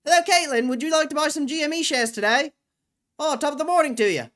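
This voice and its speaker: A shrill, shouting newsboy hawker. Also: male voice, fast. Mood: cheery sales pitch. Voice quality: high, shouty street-vendor patter. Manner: eager, pleading salesman pitch. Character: loud, pushy young male newsboy hawking shares. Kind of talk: comic put-on voice on a livestream.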